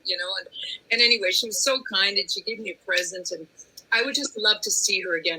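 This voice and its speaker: Husky, bright-voiced woman telling stories. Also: mid-range voice, fast talker, low-quality recording. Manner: animated storyteller acting out quotes. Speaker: panel guest actor. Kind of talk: casual panel chat.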